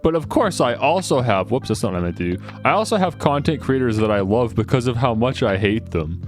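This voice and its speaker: A man's voice: medium pitch, big pitch swings, brisk, soft background music. A man giving casual, joking commentary while playing a video game. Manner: joking, chatty, laughs a lot. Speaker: let's play gamer.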